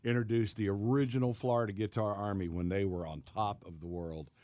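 A man from Tennessee with a fairly low voice sits in as a radio guest. He reminisces in a relaxed, self-deprecating way. The sound is close and dry. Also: fairly quick, no echo. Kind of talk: casual radio chat.

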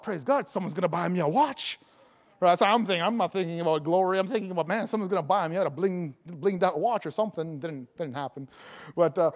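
High-voiced, jokey preaching man. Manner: jokey, laughing often, bursts of loud proclaiming. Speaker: evangelist. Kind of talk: sermon.

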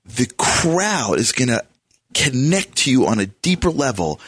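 A man hosting a conversational interview. He thinks aloud and tells stories, and his pitch swings widely up and down. His voice is mid-pitched and recorded dry. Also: measured pace, breathy edge, no room sound. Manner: animated and searching, tells anecdotes. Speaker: host.

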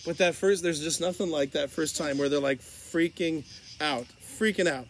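A middle-aged man, a sex education teacher, tells classroom stories and gives advice in a lively way, laughing often and acting out his students' voices. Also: fairly high pitch, moderate pace, a little hiss or hum. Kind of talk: animated storytelling and advice.

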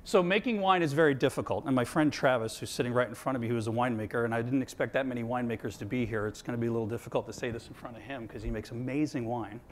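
A man's voice: medium pitch, very fast, few pauses, slight background noise. Middle-aged man on a conference stage, anecdotal, self-deprecating presenter. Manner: storytelling, self-deprecating humor. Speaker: conference speaker on wine sales. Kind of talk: keynote presentation. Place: conference stage before a large audience.

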